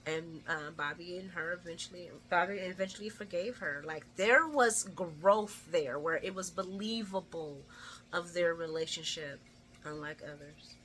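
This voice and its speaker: A woman casually chatting through a recap of a soap opera episode, animated and laughing often. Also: fairly low pitch, normal speed, a little hiss or hum.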